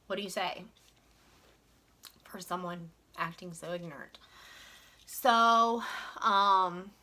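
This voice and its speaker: A woman's voice: on the low side, takes it slowly, bright, forceful tone. A young woman from Virginia, telling a work story in a chatty, frank way full of fillers. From West Virginia. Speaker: vlogger. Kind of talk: casual storytime venting.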